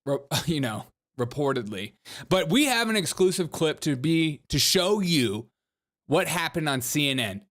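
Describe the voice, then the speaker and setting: A man's voice: fairly high pitch, big pitch swings, fairly bright tone. Jokey Southern-accented male podcast host. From South Carolina. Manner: fast, jokey, irreverent, sarcastic asides. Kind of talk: comedic news commentary.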